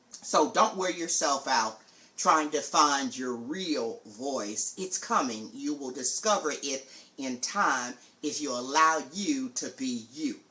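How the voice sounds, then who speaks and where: A woman hosting a live-streamed teaching talk for preachers, speaking deliberately and enunciating carefully. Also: low-pitched, fairly bright tone. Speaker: preaching teacher, show host.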